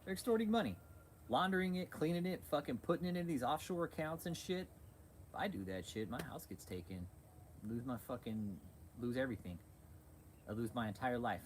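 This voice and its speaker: A man's voice: mid-range voice, fairly quick, a little hiss or hum, low-quality recording. A man hosting a livestream, ranting in a crude, heated, sarcastic way. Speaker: livestream host. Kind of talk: profane livestream rant.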